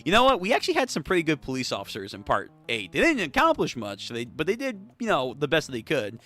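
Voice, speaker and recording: A young adult man hosting a manga read-through, reacting excitedly, swearing and laughing often. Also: on the high side, fast.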